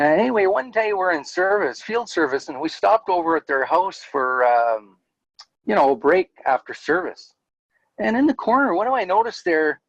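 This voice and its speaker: A man's voice: on the high side, dry recording, muffled recording. A middle-aged man, candidly telling his personal story as an interview guest, with frequent fillers.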